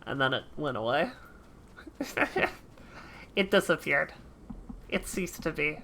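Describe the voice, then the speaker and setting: A woman's voice: low-pitched, very animated, slow pace, pushed and bright, a little hiss or hum. A woman streaming a game, chatting casually with her viewers in a joking, self-mocking way. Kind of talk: casual gameplay chat with viewers.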